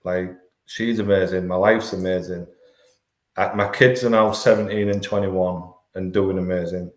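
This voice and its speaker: Earnest middle-aged man, low voice, roomy. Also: steady tone, moderate pace. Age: 40s. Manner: earnest, repeats words when restarting thoughts. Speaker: podcast guest, life coach. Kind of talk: candid conversational interview. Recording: roomy echo.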